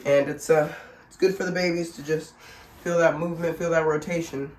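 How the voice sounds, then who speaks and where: A woman's voice: low-pitched, fairly even intonation, fairly quick, a little mellow. A woman vlogging at home, showing simple workouts in a chatty, joking way while sick and short of breath. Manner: chatty, joking, laughs at herself. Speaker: family vlogger. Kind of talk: casual instructional vlog. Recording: echoey room.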